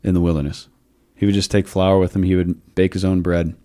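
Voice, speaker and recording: A man's voice: deep voice, little pitch movement, a little fast, mellow. A man hosting a casual, reflective discussion, thinking aloud with frequent restarts. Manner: thoughtful, with frequent restarts and musing asides. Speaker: podcast host.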